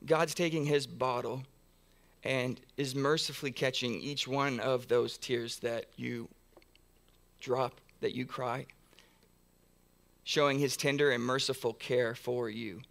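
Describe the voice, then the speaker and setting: A man's voice: medium pitch, fairly even intonation, takes it slowly, creaky, pauses often, fairly bright tone. A man pastor preaching a sermon in a church, earnest, building through long repeated phrases with frequent restarts. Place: church sanctuary.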